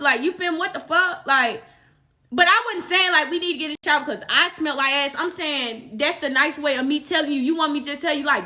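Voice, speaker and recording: High, bright-voiced young woman telling a story. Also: fairly quick. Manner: profane, animated storytelling with many fillers. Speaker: vlogger. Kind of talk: casual storytime.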